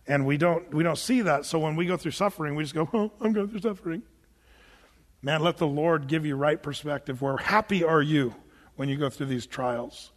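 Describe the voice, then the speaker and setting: A man's voice: fairly high pitch, big-room sound. A middle-aged male pastor preaching a sermon in a church, reading scripture aloud and talking to his congregation in a conversational, joking way. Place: church sanctuary.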